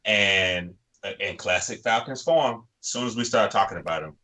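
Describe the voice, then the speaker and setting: A man co-hosting a sports podcast, animated, acting out players' thoughts and often saying "to be honest with you.". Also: fairly low pitch, normal speed. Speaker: podcast co-host. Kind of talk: casual sports podcast talk.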